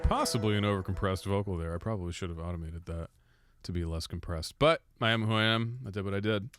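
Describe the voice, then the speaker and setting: A young man who produces and mixes music gives a casual, joke-filled tutorial on how he made a song, irreverent, swearing and mocking himself along the way. His voice is low, fast and a bit bright, with faint music in the background.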